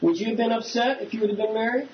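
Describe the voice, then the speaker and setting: Male pastor, high voice, conversational sermon with questions to the room, slightly dull recording with faint hiss. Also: racing. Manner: conversational preaching, asks the congregation questions.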